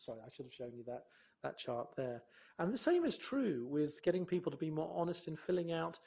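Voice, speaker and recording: A man's voice: on the high side, expressive, brisk, creaky, dull audio. A man giving a presentation talk in a conversational way, with fillers and restarts.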